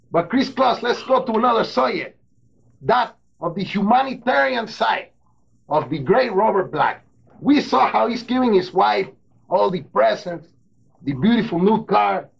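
A man hosting wrestling TV commentary, hyped and theatrical. His voice is gravelly, husky and high. The recording is dull and lo-fi.

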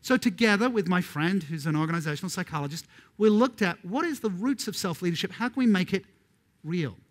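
A man's voice: high voice, expressive, brisk. A middle-aged man giving a conference keynote, telling stories and putting questions to the audience. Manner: storytelling, addresses the audience with questions. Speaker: keynote speaker. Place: large conference hall.

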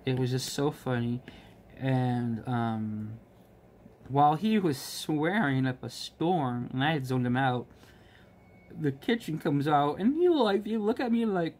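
A man chatting casually about his work as a restaurant manager, rambling with many ums and restarts and getting animated when he quotes people. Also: mid-range voice, slow. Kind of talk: casual storytelling while crafting.

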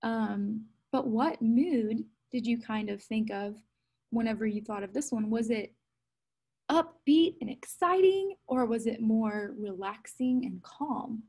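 A high-voiced woman speaks slowly and patiently as a kindergarten music teacher. She keeps her words simple and gentle, guiding small children through a recorded music lesson. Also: lively intonation, breathy edge, rough recording.

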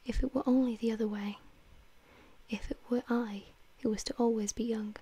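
A woman's voice: on the high side, fairly even intonation, moderate pace, warm tone, slightly rough. A woman whispering the part of an anguished, vain young man in a whispered role-play reading.

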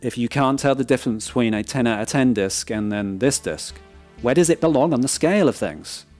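A man's voice: mid-range voice, expressive, brisk, darkish tone, faint music behind. A man giving a frank, casual review of a film disc, often checking in with "right?" and restarting his words.

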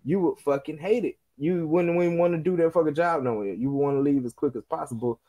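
A young man on a podcast, telling army stories in casual, profane, animated chat and acting out the people he quotes. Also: on the high side, quick pace, dull audio. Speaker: podcast co-host.

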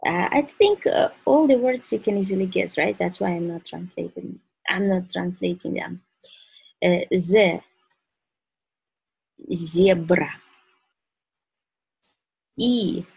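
A woman's voice: lowish voice, slow, gravelly, pauses often, a little mellow, slightly rough, dry recording, poor audio. A woman with a Russian accent teaching the alphabet, patiently saying each letter and example word and repeating them. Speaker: language teacher. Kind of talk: alphabet lesson with spoken examples.

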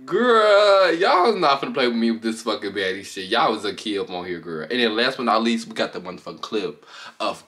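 A man giving casual reaction commentary as a vlogger, gossiping in an animated, profane way, recorded on a camera on a tripod. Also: on the low side, fairly quick.

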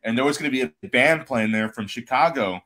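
A man's voice: medium pitch, a little fast, fairly bright tone. A man hosting a casual live-streamed chat from home, telling stories in a rambling, profane way. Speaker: podcast host.

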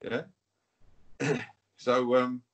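A man's voice: medium pitch, flat delivery, extremely slow. A British man giving an interview over a video call, taunting and trash-talking a rival, saying "mate" again and again. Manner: taunting, repetitive, calls listener mate. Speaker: interview guest. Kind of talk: combative interview trash talk.

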